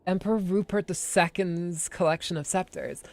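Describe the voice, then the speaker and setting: A man's voice: sits high, moderate pace, creaky, darkish tone, no room sound, voice pushed up. A man voicing an aloof female genius scientist with a dry, matter-of-fact delivery.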